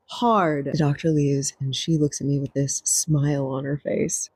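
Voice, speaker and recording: A low, husky-voiced young woman doing ASMR storytelling, soft-spoken with a wry edge. Faint music plays under her in a dry, close sound. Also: steady tone, normal speed, few pauses, no room sound, low-quality recording.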